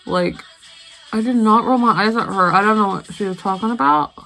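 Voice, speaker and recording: A woman's voice: mid-range voice, fairly quick, a bit bright, soft background music, poor audio. A young woman vlogging casually, rambling through a story while she does her makeup. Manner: rambling, chatty, lots of fillers. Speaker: beauty vlogger.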